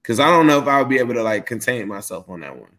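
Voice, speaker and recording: A man's voice: mid-range voice, lively intonation, rapid-fire, fairly bright tone. A man co-hosting a sports podcast, rambling casually with lots of fillers while tired from jet lag. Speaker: podcast co-host.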